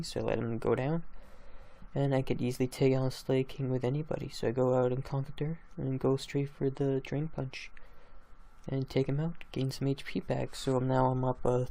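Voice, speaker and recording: A man's voice: medium pitch, gravelly, dark tone. A drowsy young man recapping his online game battles in a casual, rambling way, laughing at his own plays. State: drowsy, just woke up. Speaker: gaming channel host.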